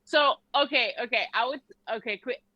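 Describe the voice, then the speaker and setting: A woman's voice: fairly high pitch, normal speed, dry recording, highs cut off. A woman speaking as a guest on a casual panel chat, hesitant, with many fillers and restarts.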